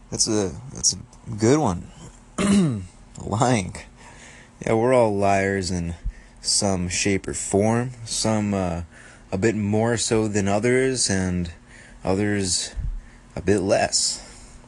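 A man calling in to a radio show, talking in a slow, reflective, halting way. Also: on the low side. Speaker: caller. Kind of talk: call-in talk.

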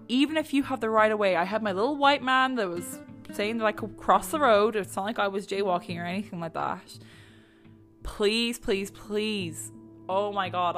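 Young woman, casual storytelling, crisp bright tone, faint music behind. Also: mid-range voice. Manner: animated, swears freely, heavy use of "like". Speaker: vlogger.

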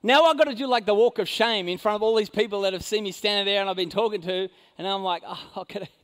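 A man with a high voice preaches a sermon as a pastor. He tells a personal story in a loose, conversational way, full of fillers. He swings from loud, emphatic lines down to hushed asides. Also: fast. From Orange County, California. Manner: conversational fillers like "like" and "you know".

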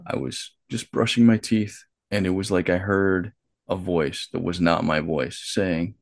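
This American author and artist is a candid podcast guest, plainspoken and profane, telling stories and acting out the voices in his head with quoted inner dialogue and restarts. His voice is low and gravelly, with fairly even intonation and a slightly slow pace. The sound is dry and studio quality.

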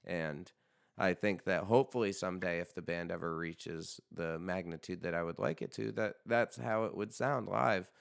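A man's voice: sits low, moderate pace, vocal fry, smooth, no echo, studio quality. A man hosting a podcast in casual chat, rambling and joking with frequent swearing. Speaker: podcast host.

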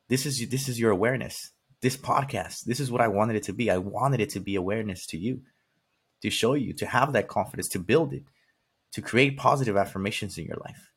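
A man's voice: fairly low pitch, husky. A man hosting a podcast, delivering a blunt motivational monologue straight to the listener, swearing casually and repeating himself for emphasis. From California. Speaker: podcast host.

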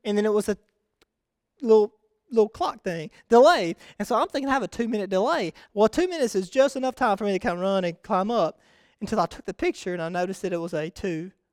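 A man preaching a sermon, telling a rambling personal story with sudden excited bursts. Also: sits high, a little fast, smooth, no room sound. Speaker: pastor.

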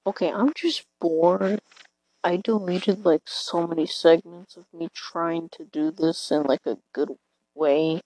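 A woman's voice: on the low side, fairly even intonation, slow, warm tone, no room sound, rough recording. A teenage girl rambling hesitantly into her phone from her bed late at night, self-deprecating, her voice cracking now and then. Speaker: podcaster. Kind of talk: casual rambling monologue.

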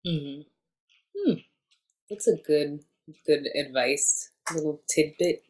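A woman interviewer asking questions in a calm, curious way. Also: deep voice, slow, low-quality recording.

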